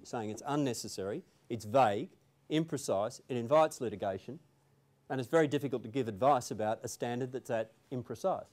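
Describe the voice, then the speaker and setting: A man's voice: medium pitch, a little mellow. A man presenting a legal seminar to an audience in a room, talking conversationally with emphatic asides.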